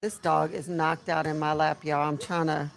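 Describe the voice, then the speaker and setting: Woman, low voice with vocal fry, casual stream co-host. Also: little pitch movement, normal speed. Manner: casual, chatty, answers chat comments. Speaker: co-host of a wrestling watch-along. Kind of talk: casual live-stream chat.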